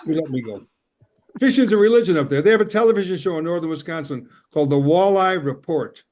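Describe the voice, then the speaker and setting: A man in his sixties from Chicago doing a rambling stand-up set with deadpan jokes over a video call. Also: on the high side, fast, slight background noise. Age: 60s. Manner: rambling deadpan jokes, puts on character voices. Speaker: stand-up comedian.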